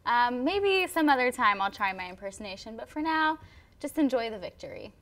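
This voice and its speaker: A woman's voice: a little high, very animated, brisk, a bit bright. A young woman hosting a student talk show, chatty and playful as she interviews and introduces guests.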